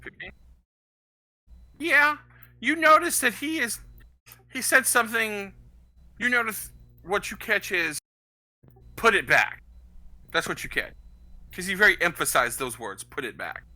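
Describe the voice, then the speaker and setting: Brief: bright, animated male game master who rambles as he narrates. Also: high-pitched, a little slow, pauses often, no echo, low-quality recording. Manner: rambling, with filler words.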